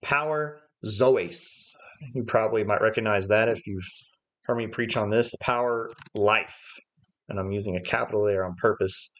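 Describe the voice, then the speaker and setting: A man's voice: fairly low pitch, moderate pace, fairly bright tone. A man leading a livestreamed Bible study lesson, explaining Greek words step by step and thinking aloud with frequent "uh" fillers. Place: church livestream.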